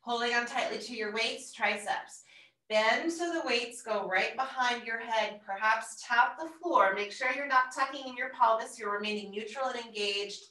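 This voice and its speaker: A woman instructor calmly cueing a floor workout, breathing out between counts with steady encouragement. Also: on the high side, normal speed. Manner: calm, encouraging cueing with audible exertion breaths. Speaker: fitness instructor. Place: room at home, exercising on the floor. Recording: roomy, distant from the mic.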